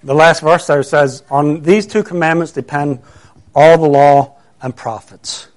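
A man's voice: fairly high pitch, a little slow. A middle-aged man preaching a conversational sermon, earnest and full of rhetorical questions.

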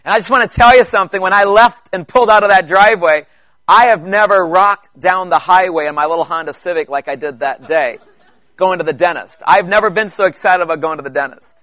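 A man preaching a personal testimony in church, chatty, with halting restarts and joking asides to the congregation. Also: high-pitched, pushed and bright, no room sound. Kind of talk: conversational sermon testimony.

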